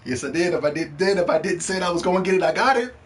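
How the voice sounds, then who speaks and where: Guy ranting on his gaming podcast, kinda high voice, cussing and joking around, goes loud then quiet. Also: very fast. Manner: joking, loose and profane, swinging between loud excitement and quiet asides. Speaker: podcast host. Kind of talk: casual solo gaming podcast rant.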